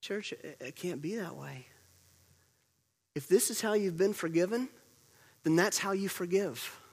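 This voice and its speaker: A man preaching a sermon as pastor, moving between loud urgent storytelling and quiet hushed emphasis, repeating words to drive points home. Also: high-pitched, measured pace, creaky, husky. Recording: long reverb of a large hall.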